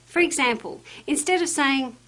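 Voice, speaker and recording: A woman giving scripted instructional narration for a training course, with a lively, emphatic delivery. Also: high voice, normal speed. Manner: lively, emphatic delivery when quoting phrases.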